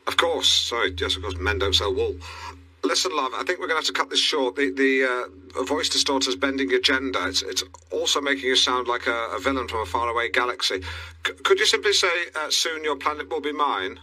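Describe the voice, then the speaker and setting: A man's voice: medium pitch, a little fast, sharp tone, slightly rough. A middle-aged man hosting a local radio show, pompous and rambling, with awkward restarts. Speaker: radio presenter.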